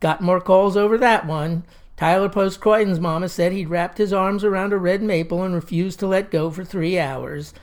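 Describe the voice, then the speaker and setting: A woman's voice: lowish voice, normal speed, darkish tone. A woman telling a comic story in a wry, folksy, drawling manner. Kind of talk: comic monologue.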